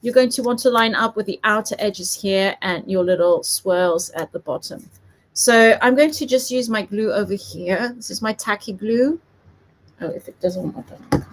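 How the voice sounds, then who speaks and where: A woman's voice: medium pitch, slight background noise. A woman from South Africa with a light South African accent, giving a chatty, giggly live papercraft tutorial. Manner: chatty, giggly, self-deprecating. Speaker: papercraft demonstrator.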